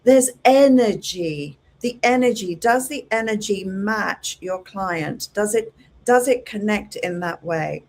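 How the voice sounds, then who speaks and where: A middle-aged woman leads a hairdressing class, her voice mid-pitched. She talks in an animated way and jumps into her clients' voices with bright exclamations. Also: slow pace. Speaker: hairdressing educator. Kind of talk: teaching a class.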